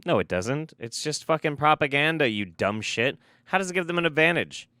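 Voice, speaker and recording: A man rants through a reaction commentary, profane and exasperated, often repeating short phrases for emphasis. His voice is smooth and clear. The sound is dry and close, with no room around it. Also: fairly high pitch, expressive, fairly quick, bright, forceful tone, no echo. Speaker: commentary video host.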